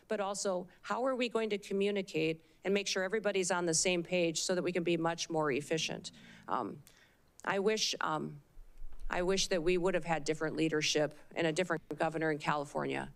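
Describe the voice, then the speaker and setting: A woman with a South Dakota accent gives formal testimony at a Senate hearing. Her voice sits a touch low, and she answers in measured, steady sentences with the odd um.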